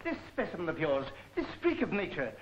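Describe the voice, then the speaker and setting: An actor playing an indignant professor who sputters with outrage, in 1940s film comedy acting. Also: male voice, a little high, wildly swooping pitch, brisk, noisy background. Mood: outraged. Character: shrill, indignant male professor. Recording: dull roomy old film sound.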